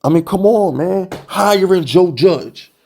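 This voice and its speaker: A young man hosting a sports fan channel, ranting to camera in an exasperated, animated way, full of rhetorical questions and repeated jabs. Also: sits high, slow pace, a little hiss or hum. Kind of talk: heated fan rant to camera.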